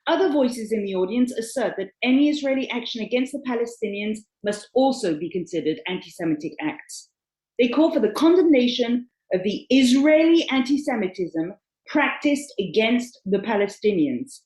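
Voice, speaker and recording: A woman moderating a panel, reading a prepared personal account aloud with expressive emphasis on key words, then handing over the floor. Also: a little high, normal speed, reverberant, low-quality recording.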